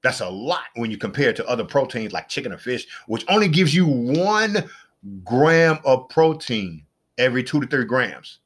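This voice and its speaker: A middle-aged man hosting a casual solo podcast, chatty and rambling, who repeats himself and jumps up into excited exclamations. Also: mid-range voice, moderate pace. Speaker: podcast host.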